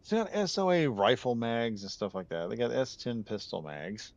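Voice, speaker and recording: A man's voice: mid-range voice, expressive, moderate pace, creaky, no echo, lo-fi sound. A man streaming a game, chatting casually and rambling off on tangents with frequent laughs. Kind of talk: casual live gameplay commentary.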